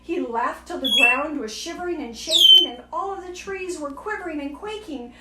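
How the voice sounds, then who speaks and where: A woman reads a rhyming picture book in a lilting, rhythmic voice. Her voice sits high and bright. The room is echoey and loud clicking runs behind her. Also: lively intonation, normal speed, recorded from a distance, very noisy. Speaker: storybook reader. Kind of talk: reading a picture book aloud. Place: home room with a parrot.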